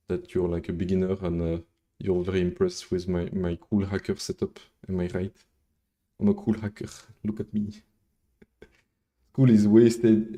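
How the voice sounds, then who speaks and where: A deep, warm male voice belongs to a coding livestreamer whose first language is French. Casually thinking out loud, he rambles, swears from time to time and chats with viewers between code steps.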